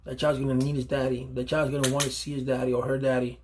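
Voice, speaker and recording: A man's voice: mid-range voice, level tone, quick pace, background noise. A man, a father, giving earnest, emphatic advice to other fathers off the cuff, often repeating himself and restarting phrases. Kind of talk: unscripted advice monologue.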